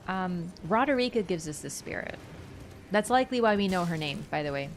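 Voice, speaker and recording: A woman's voice: fairly low pitch, animated, fairly quick, slight background noise. A woman streaming a game, talking casually through its lore, thinking aloud and answering her chat. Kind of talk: casual livestream lore commentary.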